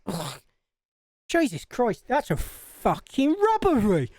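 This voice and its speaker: She's a woman live-streaming, talking straight into a desk mic with a blunt, swearing edge. Her voice sits a little high and swings all over the place as she rants. The sound is close and dry, with no room around it. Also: huge pitch swings, slow pace, a little mellow, dry recording. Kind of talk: casual live-stream chat.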